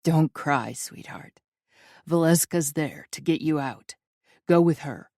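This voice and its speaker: A woman's voice: deep voice, slow pace, dark tone, dry recording, studio quality. A woman narrator voicing a loving man who reassures his partner tenderly over the phone.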